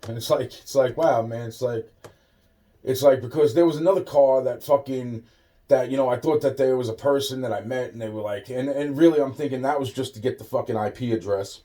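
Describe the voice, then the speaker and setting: A man spinning a meandering story in a dark, mellow voice. He curses in nearly every line and keeps circling back on himself. His sentences often drift off unfinished. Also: mid-range voice, a little fast. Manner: meandering, heavy swearing, trailing off into repeated fillers. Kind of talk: rambling personal storytelling.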